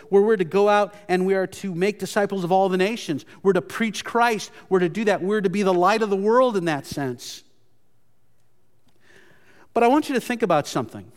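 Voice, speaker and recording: A pastor delivering an earnest sermon in a fairly high voice, repeating key phrases for emphasis. His words trail off into a long reverb, as in a church sanctuary. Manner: earnest, repetitive restarts, emphatic.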